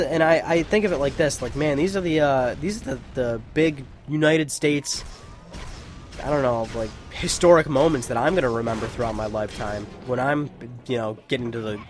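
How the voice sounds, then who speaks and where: Young male let's-play host, rambling, profane and casual, with frequent restarts. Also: medium pitch. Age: young adult. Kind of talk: casual gameplay commentary.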